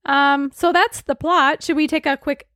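A woman's voice: sits high, steady tone, normal speed, fairly bright tone, no room sound, studio quality. A woman co-hosting a podcast in casual, offhand chat, laughing and swearing easily. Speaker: podcast co-host.

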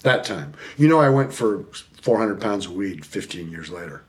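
A man's voice: low-pitched, normal speed. A middle-aged man from the United States telling prison stories in an interview, swearing freely and acting out the voices in his quotes. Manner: profane animated storyteller, acts out quotes, laughs often. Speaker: podcast guest. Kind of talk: storytelling interview.

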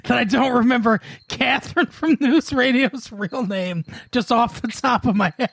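A man's voice: very high voice, normal speed, vocal fry, fairly bright tone, a little hiss or hum. A man co-hosting a podcast in casual chat, laughing often and rattling off lists. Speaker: podcast co-host.

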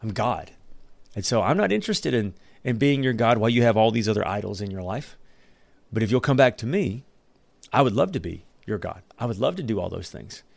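A man's voice: lowish voice, animated, a little fast, vocal fry, no echo. A man speaking as God, blunt and loving. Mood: firm. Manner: blunt, everyday speech. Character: God as a firm, loving male deity.

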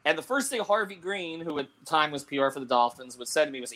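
Middle-aged guy telling a story, kinda high, bright voice, laughs a lot. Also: very fast, hardly any pauses. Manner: animated, laughing anecdote-telling with many restarts. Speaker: sports columnist and show host. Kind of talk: casual storytelling on a talk show.

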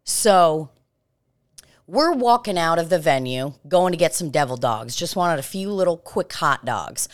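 A woman with a fairly low voice tells a story on a podcast. Her delivery is casual and animated, and she swears freely. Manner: animated and profane. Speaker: podcast host.

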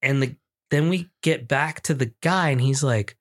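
A young man co-hosting a casual podcast, telling a story in a loose, swearing, animated way and acting out the people in it. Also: medium pitch, moderate pace. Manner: animated, swearing, acts out screams and quotes. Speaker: podcast co-host.

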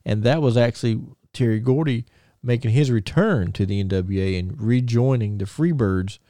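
A man hosting a podcast, telling stories in casual chat with excited, rambling restarts. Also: medium pitch, normal speed, no echo, studio quality. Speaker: podcast host.

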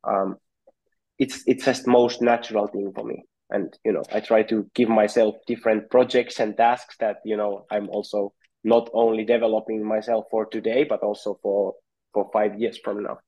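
Poor audio carries a fairly low, mellow voice with little pitch movement and a moderate pace. He's a man from Finland, a native Finnish speaker, working as a goalkeeping coach and answering podcast interview questions thoughtfully, repeating words as he hunts for phrasing.

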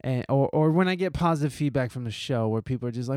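A man's voice: mid-range voice, fairly even intonation, fast, darkish tone, clear, resonant tone, no room sound. A man hosting his own podcast, talking in an earnest, heartfelt way with casual swearing and lots of restarts. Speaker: podcast host. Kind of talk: solo podcast talk.

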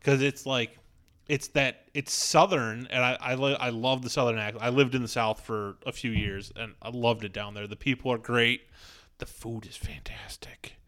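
Man, mid pitch, bright sharp voice, casual podcast chat, agreeable and enthusiastic. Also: fairly even intonation, moderate pace. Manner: easygoing, agreeable, riffs along with enthusiasm.

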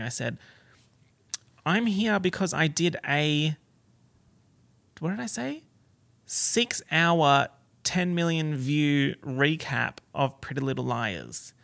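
A young man tells an excited vlog story with a bright, gravelly voice that keeps breaking into fry. He gushes, swears freely and jumps up in pitch for emphasis. The sound is close and dry. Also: no echo. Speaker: content creator.

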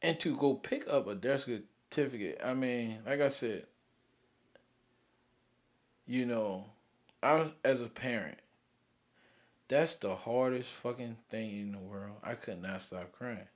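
A young man, hosting and venting about grief in a raw, profane way, swinging from loud outbursts to near-whispers. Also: medium pitch, slow, pauses often. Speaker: podcast host. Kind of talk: emotional personal venting.

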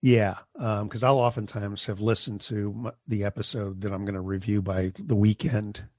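A man's voice: fairly low pitch, steady tone, moderate pace, darkish tone, no room sound, clean studio sound. A man hosting a podcast, chatting casually with a guest and reading the outro, rambling with fillers. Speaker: podcast host. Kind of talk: casual interview chat and show outro.

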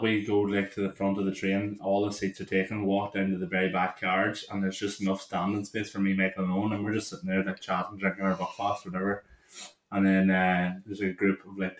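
A Northern Irish man in his twenties co-hosts a casual chat and rambles through his stories. His voice sits fairly low, and the room gives a roomy echo. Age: 20s. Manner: rambling, laughing anecdotes with lots of "like". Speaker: podcast co-host.

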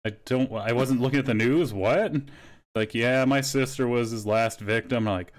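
A man's voice: medium pitch, normal speed. A man hosting a podcast, telling stories in casual, profanity-laced chat. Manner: swears freely, storytelling. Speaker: podcast host.

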